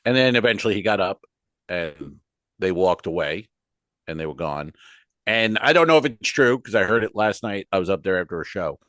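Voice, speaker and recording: A man's voice: low voice, fairly quick, dry recording, studio quality. A man, a comedian, telling a comic anecdote on a podcast over a video call, acting out the people he quotes. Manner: animated anecdote with acted-out quotes.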